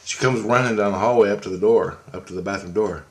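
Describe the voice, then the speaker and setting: A man with a fairly low voice rambles through a personal story about a dream he just had. He has only just woken and keeps clearing his throat. His delivery is halting and loose, full of restarts and filler words. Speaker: video blogger recounting a dream.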